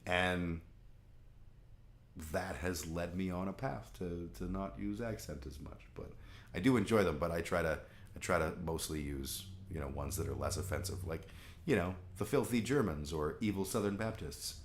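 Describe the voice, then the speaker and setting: A man's voice: deep voice, normal speed, roomy sound, slight background noise. A man from Canada talking candidly in a rambling, casual monologue, swearing freely. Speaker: vlog host.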